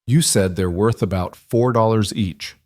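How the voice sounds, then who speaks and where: A man voicing an earnest, quick-minded young frontier woman in a storybook reading. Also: fairly low pitch, darkish tone, no echo, clean studio sound, natural voice. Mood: curious.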